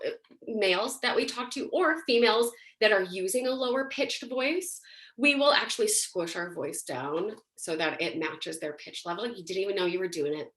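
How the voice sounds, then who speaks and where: A woman's voice: mid-range voice, a bit bright. A woman teaching a singing and voice workshop in a casual, chatty way, often using fillers. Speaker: singing and voice instructor.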